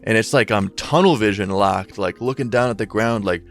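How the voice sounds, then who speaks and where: A man's voice: lowish voice, normal speed, faint music behind. A young man telling a story in a casual, rambling way, full of slang and swearing. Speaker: YouTuber storyteller.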